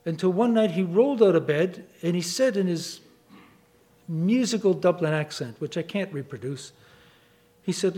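High-voiced man preaching a sermon. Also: moderate pace, long pauses. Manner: animated storytelling, acts out quoted voices with wide pitch swings.

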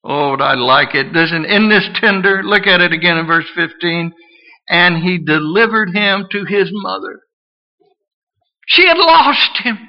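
A man preaching a sermon, swinging from raised emphatic lines to hushed, drawn-out ones. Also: lo-fi sound. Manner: animated, swings from booming to hushed.

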